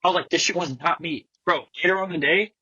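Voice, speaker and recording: A young man with a slightly high, husky voice rattles through a story in heavy street slang, swearing freely and putting on other people's voices as he goes. The recording is dull and close, with no room sound at all, like a muffled studio mic. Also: quick pace, no room sound. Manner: slangy, animated, swears a lot, acts out quotes. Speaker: guest skateboarder. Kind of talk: casual storytelling.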